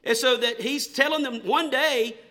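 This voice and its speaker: A man with a high, bright voice preaches a sermon, hammering his points home with loud, slow emphasis. Then he drops to hushed questions for the congregation, sounding as if he stands before his own church.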